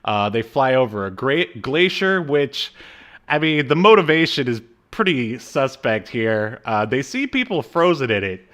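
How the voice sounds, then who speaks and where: A man's voice: mid-range voice, big pitch swings, measured pace, a bit bright. A man co-hosting a podcast, recapping a cartoon in casual chat, with lots of fillers and wry asides. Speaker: podcast co-host.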